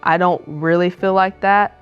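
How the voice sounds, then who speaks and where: A young woman speaks softly in a low, flat voice, hesitating and filling pauses with "like". She tells her story in a casual, personal way. Faint music plays underneath. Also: clean tone, dull audio. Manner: soft, hesitant, many "like" fillers. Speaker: wife co-host of couple's channel.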